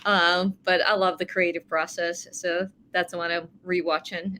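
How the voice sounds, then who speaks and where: A woman's voice: lowish voice, little pitch movement, moderate pace, hardly any pauses, sharp tone, a little hiss or hum. A woman answering interview questions thoughtfully, laughing and rambling a little. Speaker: interview guest.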